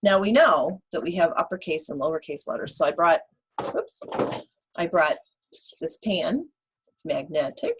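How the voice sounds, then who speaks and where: A woman teacher reading a picture book aloud to young children, animated and asking them questions. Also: deep voice, moderate pace, pauses often, slight background noise, rough recording. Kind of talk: children's read-aloud lesson.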